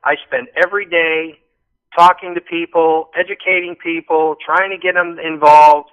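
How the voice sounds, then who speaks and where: A man calling in to a political talk show, speaking in an animated, rambling way with repeated restarts. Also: a little high, moderate pace, clear, resonant tone. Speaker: call-in guest. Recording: muffled phone line.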